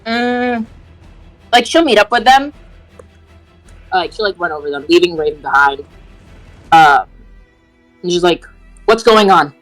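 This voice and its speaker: A woman's voice: on the low side, a little slow, long pauses, a bit bright, faint music behind, rough recording. A woman player casually narrating what her character does, full of fillers. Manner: rambling, filler-heavy.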